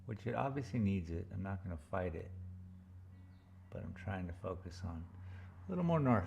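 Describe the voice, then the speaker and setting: A man talking casually to his viewers while painting, thinking aloud in an unhurried way. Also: sits low, vocal fry, darkish tone, muffled recording. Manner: murmured, unhurried thinking aloud, playful sound effects. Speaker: painter streaming live. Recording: faint background noise.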